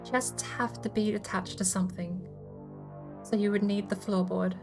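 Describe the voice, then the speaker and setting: Woman streamer, casual chat, talks through her ideas out loud; voice sits a bit high, soft music in the background. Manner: thinks aloud, explaining game build ideas. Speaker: streamer host.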